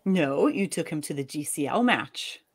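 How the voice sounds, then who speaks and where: A woman's voice: low voice, lively intonation, normal speed, breathy edge, full character voice. A woman in a live reading, voicing an angry, sarcastic wife and mother scolding her husband. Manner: sharp, sarcastic.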